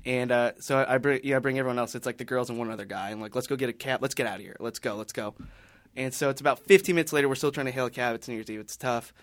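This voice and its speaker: Male podcast panelist, mid-pitch, casual rambling storyteller, dry sound. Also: fairly even intonation, racing, no echo. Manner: rambling, many restarts and fillers.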